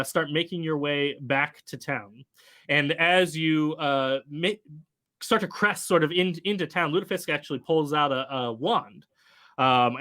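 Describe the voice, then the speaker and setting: A man's voice: fairly high pitch, a bit bright. A man running a tabletop game as game master, narrating with many fillers and restarts. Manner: halting, full of fillers and restarts.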